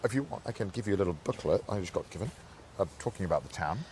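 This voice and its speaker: A man showing friends around a town, telling stories in a fast, laughing way. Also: low voice, expressive, a little mellow, slight background noise. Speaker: tour guide friend. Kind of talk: casual chat.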